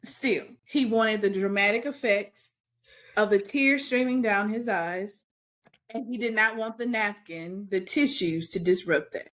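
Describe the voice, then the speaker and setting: A middle-aged woman co-hosting a podcast in casual chat, opinionated and quick to joke and laugh. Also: medium pitch, a bit bright. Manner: joking and opinionated, laughs often. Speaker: podcast co-host.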